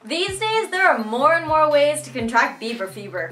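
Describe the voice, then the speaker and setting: Snarky high-voiced young woman hosting. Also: sing-song, normal speed, fairly bright tone, faint music behind. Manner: snarky, playful, jokey asides. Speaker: show host. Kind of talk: comedic web news roundup.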